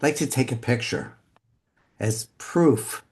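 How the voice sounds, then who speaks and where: A man's voice: mid-range voice, expressive, takes it slowly, darkish tone, breathy edge. A man who founded the group, speaking thoughtfully and with some hesitation on a video call. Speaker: organization founder. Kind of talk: casual video call chat.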